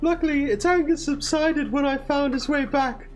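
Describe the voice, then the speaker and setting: A soft-spoken, big male himbo from the Highlands, played by a woman tells his story in a gentle, mournful way in a video game. The voice sits fairly high. Faint music plays underneath. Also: normal speed, lightly acted, rough recording. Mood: sorrowful.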